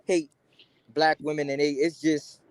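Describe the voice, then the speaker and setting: A man with a slightly higher voice in casual podcast banter. He starts his sentences over and often trails off into a low mumble. He is recorded close and dry. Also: flat delivery, dry recording. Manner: halting, restarts, drops to a mumble. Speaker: podcast co-host.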